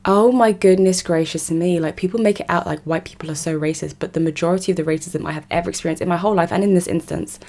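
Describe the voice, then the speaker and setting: A young vlogger from South West London, England, with a South London accent, delivers emphatic, incredulous commentary straight to camera for her viewers. Her deep, gravelly, darkish voice comes out rapid-fire with fairly even intonation and hardly any pauses.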